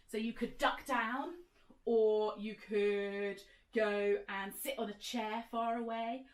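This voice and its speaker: A woman telling an interactive children's sensory story, gently encouraging listeners to act it out. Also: medium pitch, roomy sound, low-quality recording. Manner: gentle, encouraging, directs listeners to move along.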